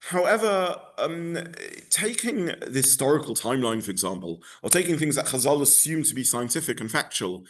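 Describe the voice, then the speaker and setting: A man's voice: mid-range voice, big pitch swings, normal speed, hardly any pauses. A rabbi teaching a class, explaining his points at length and thinking aloud as he goes. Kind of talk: lecture to a class.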